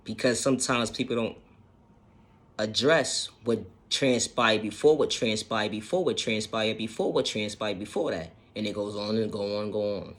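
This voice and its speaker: This man's voice sits on the low side, a bit bright, at an ordinary pace. He's a self-help vlogger delivering a laid-back, sincere motivational talk on self-healing, restating his ideas and dropping the occasional swear word.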